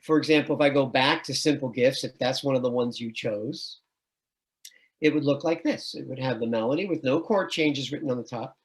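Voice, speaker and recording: A man's voice: mid-range voice, a little fast. A middle-aged man, a music education professor, presenting an online admissions webinar and patiently explaining with sung and chanted examples.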